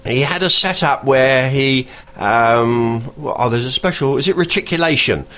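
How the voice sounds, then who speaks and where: A man's voice: mid-range voice, sharp tone, faint music behind. Guy rambling through his podcast, stops a lot to find the word. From England. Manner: rambling and chatty, pausing to search for words. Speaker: podcast host. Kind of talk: casual podcast monologue.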